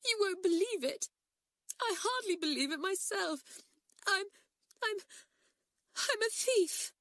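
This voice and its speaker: A woman voicing a distraught schoolgirl, crying and pleading in a high, strained voice. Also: expressive, normal speed, a bit bright, dry recording, studio quality. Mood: sobbing. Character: distraught schoolgirl, tearful and ashamed.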